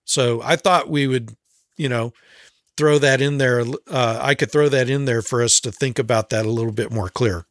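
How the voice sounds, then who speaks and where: A man co-hosting a Christian podcast, sharing a reflection in a measured way with pauses and fillers. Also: mid-range voice, no echo. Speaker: podcast co-host.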